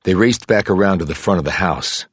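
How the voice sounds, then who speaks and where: A male audiobook narrator with a very deep, husky voice, reading a crime thriller in a steady, measured way. The recording is dry and close, with faint music underneath. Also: dry recording. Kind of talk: scripted narration.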